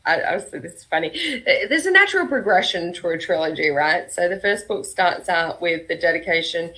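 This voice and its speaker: A woman's voice: on the low side, expressive, normal speed, pushed and bright, low-quality recording. A woman with an Australian accent, a guest author chatting on a video call panel, talking a lot and often laughing as she speaks. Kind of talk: casual panel chat.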